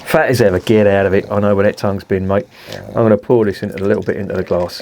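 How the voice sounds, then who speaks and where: A man's voice: fairly low pitch, fairly even intonation, fast, darkish tone, slight background noise. Blunt sweary beer reviewer man. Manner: blunt, sweary, grumbling asides. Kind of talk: casual beer review vlog.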